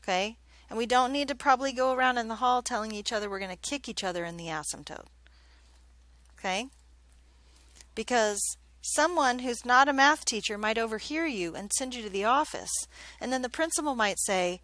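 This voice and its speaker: A woman's voice: a little high, animated, moderate pace, a bit bright, no room sound. A woman math teacher giving a classroom lesson, chatty and joking, often checking in with questions.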